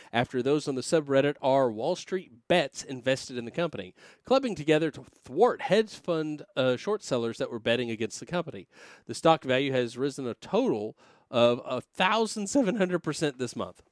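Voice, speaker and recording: A man's voice: medium pitch, no room sound, studio quality. A man casually reading news aloud on a podcast, stumbling over words and joking. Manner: reads haltingly with many fillers and restarts, laughs often.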